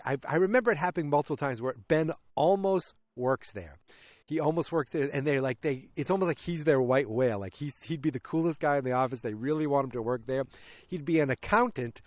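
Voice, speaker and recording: A man's voice: fairly high pitch, darkish tone, dry recording. A man hosting a podcast, casually recapping a sitcom episode in a rambling way, with many restarts and bits of acted-out dialogue. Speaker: podcast host.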